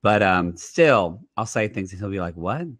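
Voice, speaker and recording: A man's voice: low voice, moderate pace, fairly bright tone, no echo. Chatty man in his thirties, dry sound. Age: 30s. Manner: rambling, chatty storytelling with many fillers. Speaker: podcast host. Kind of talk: casual chat.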